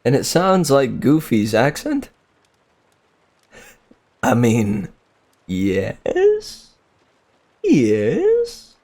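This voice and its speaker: A man's voice: medium pitch, huge pitch swings, extremely slow, pauses often, a little mellow. A man reading a book on a live stream, breaking off for casual chat with his viewers, musing aloud and chuckling often. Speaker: audiobook reader and streamer.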